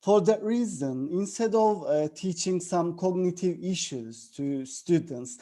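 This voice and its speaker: Slow, halting man on a panel. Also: on the high side, warm tone. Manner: halting, many filler sounds. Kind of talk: panel discussion.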